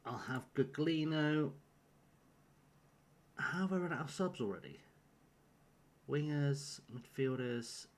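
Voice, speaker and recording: A man talks through a football management game on a live stream. His voice sits in an ordinary middle pitch, and he rambles and fusses aloud as he sorts out his lineup. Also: takes it slowly, pauses often. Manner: rambling, flustered, talks to himself while picking a team. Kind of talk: live-streamed gameplay commentary.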